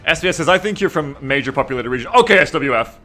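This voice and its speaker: A man streams a strategy game, talking in a fairly high, sharp voice that's animated and rapid-fire, with faint music in the background. He chats casually with viewers, reads their messages aloud in a playful, teasing way, and laughs often.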